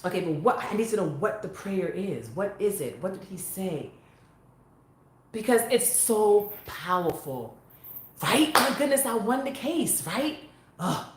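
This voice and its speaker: A woman chatting casually with viewers on her phone, animated and talkative. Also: mid-range voice, a little slow. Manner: animated, chatty, bursts into sung vocal runs. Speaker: vlogger. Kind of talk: casual live chat to viewers. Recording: echoey room on a phone.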